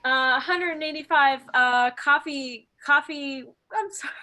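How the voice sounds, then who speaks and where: A woman improv performer starting a joke over a video call, flustered and halting. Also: sits high, bright, forceful tone.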